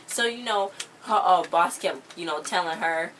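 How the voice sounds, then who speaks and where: A woman's voice: fairly low pitch, normal speed, a bit bright, slight background noise. A woman casually recapping a TV episode, chatting and retelling scenes with lots of "like" and "you know.". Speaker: TV episode reviewer.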